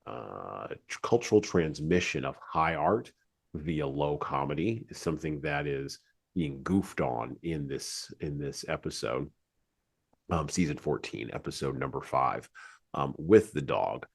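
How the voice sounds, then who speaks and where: Male podcast host: very low, husky, casual and digressive. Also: lively intonation, measured pace. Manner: digressive, chatty, many asides.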